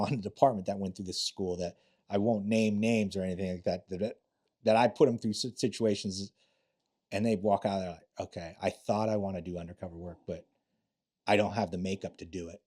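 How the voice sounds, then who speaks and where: A man's voice: fairly low pitch, darkish tone. Blunt, profane older-sounding man. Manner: blunt and profane, acts out quotes in his stories. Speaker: retired police officer, podcast guest. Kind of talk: casual interview storytelling.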